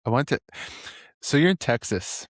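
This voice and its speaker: A man from Edmonton hosts a casual interview, full of enthusiasm, looping through half-finished thoughts and restarts. His voice is mid-pitched. The sound is dry and close, with no echo. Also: very animated, normal speed. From Edmonton, Canada. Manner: rambling, enthusiastic, many restarts. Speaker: podcast host.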